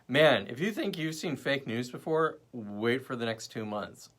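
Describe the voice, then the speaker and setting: A young man with a mid-range voice hosts a casual livestream at a measured pace. He rambles animatedly from topic to topic and chats with viewers in the comments.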